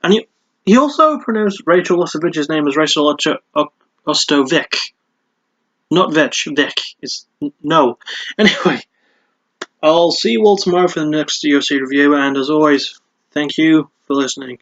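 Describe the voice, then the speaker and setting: A man's voice: fairly high pitch, normal speed, a bit bright, muffled recording. A man hosting a casual solo fight review, chatty and prone to repeating words and restarting sentences.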